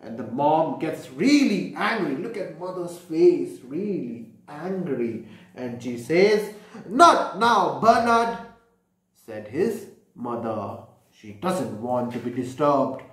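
A man's voice: a little high, animated, slow pace, a little mellow. A man reading a picture book aloud to children, explaining each page and asking them questions. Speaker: storyteller. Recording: echoey room.

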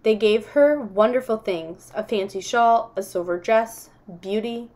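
A woman's voice: fairly high pitch, unhurried, darkish tone, natural voice. Insistent, earnest young girl, read by a woman narrator. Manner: earnest and indignant.

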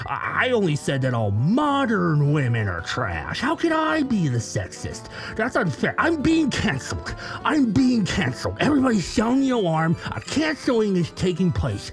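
A man's voice: sits high, huge pitch swings, normal speed, faint music behind, pitched above the performer's own voice, heavily acted. A man mocking a whiny self-pitying guy. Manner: mocking, whining, overdramatic.

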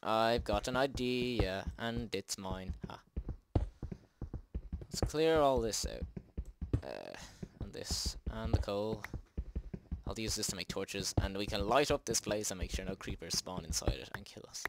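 A man's voice: fairly low pitch, expressive, unhurried, noisy background. A man hosting a let's play, chatting and joking at himself with jumpy exclamations. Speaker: gaming channel host. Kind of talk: let's play game commentary.

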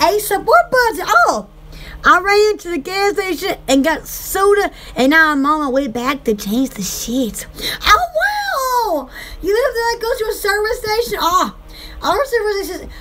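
Giggly high-pitched woman rambling. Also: fairly bright tone. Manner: giggly, silly, squeals and laughs often. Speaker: online shop host. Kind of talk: rambling casual live chat.

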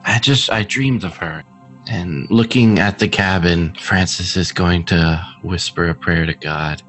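A man with a fairly low voice plays a priest in a tabletop game, solemn and prayerful. Faint music runs underneath. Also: normal speed, fairly bright tone, poor audio. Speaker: player voicing a priest character. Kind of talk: in-character tabletop play.

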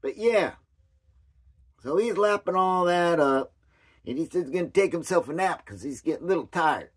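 A hoarse man talks through a loose, rambling commentary, wandering off mid-thought and doubling back. His voice sits a little higher than most men's. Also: animated, moderate pace. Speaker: commentary vlogger.

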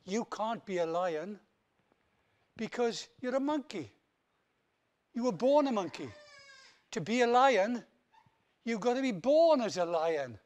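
A man's voice: high-pitched, big pitch swings, unhurried, long pauses, a little mellow, voice pushed up. A man voicing a mother monkey who soothes and sets things straight. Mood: soothing. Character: mother monkey, gentle and firm.

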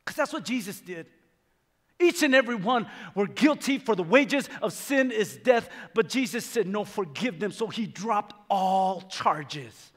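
A man's voice: high-pitched, animated, measured pace, a bit bright. A male pastor preaching emphatically, repeating phrases and stumbling into restarts as he drives his points home. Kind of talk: sermon. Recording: reverberant hall with faint music.

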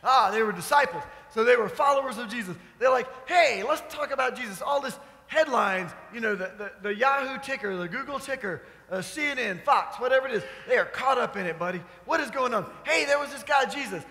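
High, bright-voiced pastor preaching in a hall. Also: male voice, lively intonation, fairly quick, hardly any pauses. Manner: storytelling, conversational with congregation asides. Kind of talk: sermon. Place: church sanctuary. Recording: echoey church hall.

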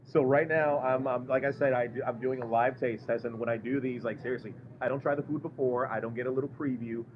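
A man's voice: mid-range voice, fast talker, hardly any pauses. Enthusiastic male host for a live taste-test stream, repetitive and gushing, recorded on a dull mic with a noisy restaurant behind. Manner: excitable, gushing, repeats words. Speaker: podcast host doing a live food review. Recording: muffled live stream with background noise.

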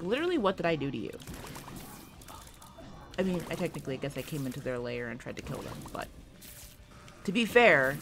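An American woman in her twenties giving rambling, fast, swear-filled commentary while playing a video game. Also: deep voice, gravelly. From United States. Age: 20s. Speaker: gaming streamer. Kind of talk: casual gameplay commentary.

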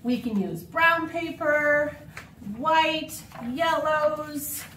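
A woman speaks to children in a high, sing-song voice, unhurried and animated. She sounds set back from the microphone. The room around her rings with echo under a faint hum. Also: recorded from a distance. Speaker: children's library host. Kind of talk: storytime and craft instructions. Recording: echoey room, speaker off-mic.

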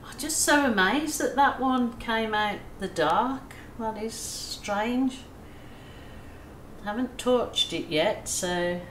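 A woman's voice: a little high, animated, takes it slowly, a bit bright, a little hiss or hum. A woman with an Australian accent chatting her way through a painting tutorial, soothing and self-deprecating as she coaches. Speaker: acrylic pouring artist. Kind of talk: casual painting tutorial chat. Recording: echoey room with faint ambience.

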